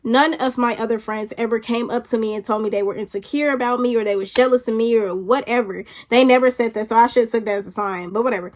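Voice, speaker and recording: A young woman spins a casual storytime in a slightly high voice. She talks in loose slang and acts out the other people's lines with big jumps in pitch. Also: fast talker, hardly any pauses. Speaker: storytime vlogger.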